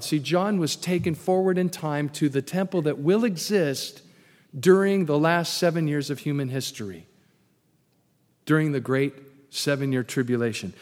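Male pastor, emphatic storytelling sermon, raised pitch, long hall reverb. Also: normal speed, darkish tone.

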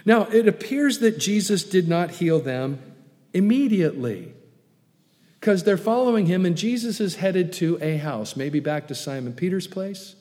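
A man's voice: fairly high pitch, lively intonation, moderate pace. Sex: man. Role: pastor preaching in a reverberant hall. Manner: emphatic, swings between loud urging and soft hushed asides. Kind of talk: sermon.

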